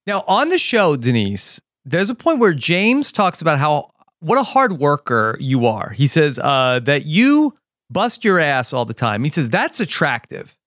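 A man hosts a casual interview, playful as he asks his questions. His voice sits a bit high and moves a lot. The sound is dry and close. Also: big pitch swings, measured pace, a bit bright, no echo. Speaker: interviewer, podcast host.

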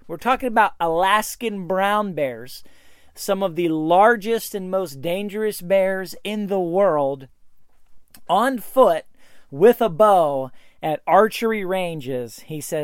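A man's voice: high voice, big pitch swings, moderate pace, clean tone, dry recording, clean studio sound. A man telling a hunting story in a casual, matter-of-fact and emphatic way. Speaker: bowhunting advice speaker.

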